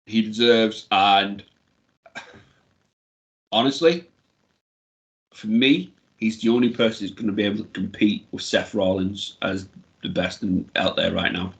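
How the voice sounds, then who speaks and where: A man's voice: lowish voice, a little slow, long pauses. A man co-hosting a casual wrestling podcast, blunt and opinionated, with casual swearing. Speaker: podcast co-host.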